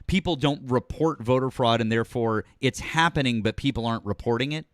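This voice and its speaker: A man's voice: mid-range voice, a little fast, dry recording, clean studio sound. A man hosting a live call-in debate show, talking over his caller in a mocking, condescending way. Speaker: host.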